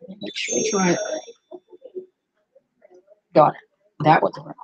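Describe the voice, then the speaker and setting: A woman's voice: lowish voice, steady tone, slow, creaky, a little mellow, breathy edge, poor audio. An older woman, a grandmother hosting a rambling, casual livestream chat with her viewers. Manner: chatty, rambling, talks to viewers and pets. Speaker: livestream host.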